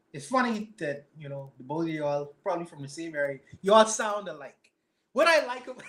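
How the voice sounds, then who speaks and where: A man's voice: fairly high pitch, bright, forceful tone. A man from the Caribbean with a Bahamian accent, musing casually in an online group discussion and repeating his words as he starts. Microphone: online call.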